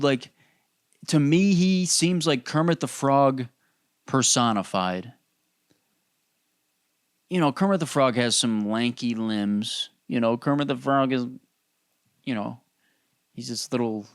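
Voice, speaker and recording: A man's voice: medium pitch, no echo. Man, podcast host, casual profane rant, rambling, dry close-miked sound. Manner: profane, rambling, lots of filler words like dude and bro.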